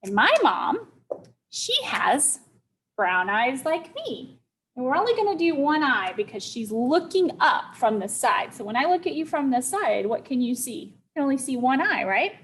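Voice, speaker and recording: A woman's voice: sits high, big pitch swings, a bit bright, a little hiss or hum, poor audio. A teacher telling a young-children's story, checking in often with her listeners. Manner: slow, deliberate, checks in with listeners.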